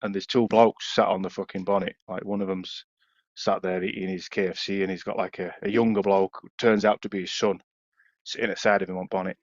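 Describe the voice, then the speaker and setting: A man's voice: low-pitched, brisk, dry recording, muffled recording. A young Yorkshire man, a podcast co-host, telling a casual story and swearing freely. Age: young adult. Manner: swears freely, lively anecdotes.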